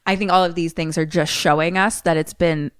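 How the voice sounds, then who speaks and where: A woman co-hosting a podcast, recapping a film in an animated, chatty way full of "like". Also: fairly low pitch, fairly quick, clean tone, no echo, clean studio sound. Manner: chatty, animated retelling with lots of "like". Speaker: podcast co-host. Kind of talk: casual movie recap chat.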